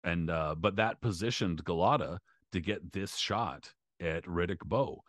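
A man's voice: low voice, unhurried, fairly bright tone, no echo, studio quality. A man co-hosting a boxing podcast, talking loosely with lots of swearing and filler words. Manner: loose, profane, many fillers. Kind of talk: casual chat.

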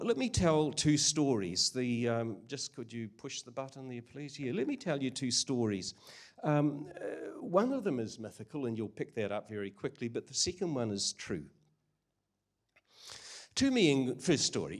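An older man preaching a sermon, earnest and conversational with frequent hesitations. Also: medium pitch. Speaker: guest preacher.

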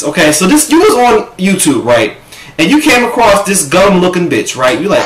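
A man vlogging a casual reaction-video rant from home, sassy, profane and animated, talking to his own camera. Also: high voice, moderate pace, loud music behind the voice. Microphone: camera set up in front of him. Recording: echoey room.

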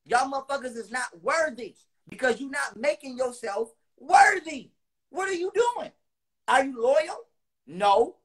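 A man delivering a heated, profane monologue to his viewers. He repeats lines for emphasis, with loud bursts between lower, quieter stretches. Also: husky. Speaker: online speaker.

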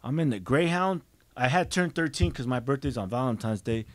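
A man's voice: medium pitch, lively intonation, brisk, no echo. A man, a guest on a podcast, telling his own story in a blunt, emphatic, profane way. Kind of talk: casual storytelling.

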